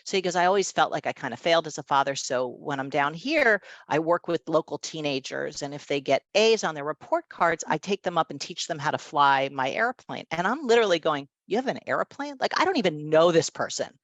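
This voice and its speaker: A woman's voice: low voice, lively intonation, brisk, hardly any pauses, no echo. A woman in her fifties, a guest, telling a personal story in an emphatic, conversational way and often checking in with her listener.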